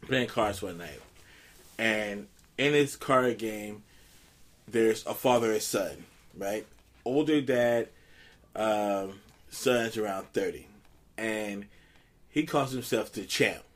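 A man hosting a podcast, chatting casually and telling a funny story, jumping high when he quotes people. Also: slow, long pauses. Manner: animated storyteller, jumps high when quoting. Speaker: podcast host.

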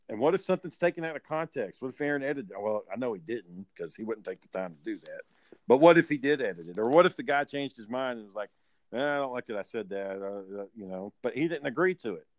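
A man's voice: mid-range voice, no echo. A man hosting a podcast in casual chat, a profane, rambling storyteller. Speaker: podcast host.

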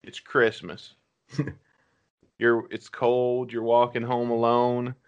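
A man's voice: medium pitch, completely flat delivery, takes it slowly, clean tone, highs cut off. A man co-hosting a casual comedic chat, telling a story while laughing. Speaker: podcast co-host.

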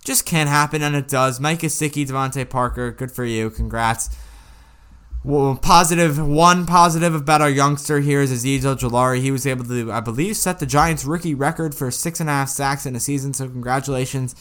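Bright-voiced man co-hosting a podcast. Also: medium pitch, brisk, smooth. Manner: animated, exasperated questioning. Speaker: podcast co-host. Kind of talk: casual sports podcast chat.

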